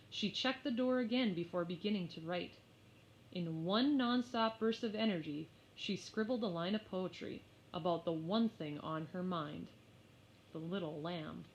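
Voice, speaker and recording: A woman narrating a children's story aloud in an expressive, unhurried way. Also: lowish voice, a little hiss or hum. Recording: slightly muffled lo-fi.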